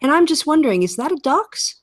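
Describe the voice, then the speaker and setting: Woman guest, lively, direct, casual stream chat, dry sound. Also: sits high, fast talker, dry recording.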